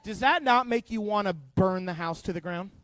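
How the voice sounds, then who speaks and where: A man teaching a middle school youth group, retelling a Bible story in an animated, conversational way and asking the kids questions. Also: sits high, moderate pace, no echo. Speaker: youth pastor.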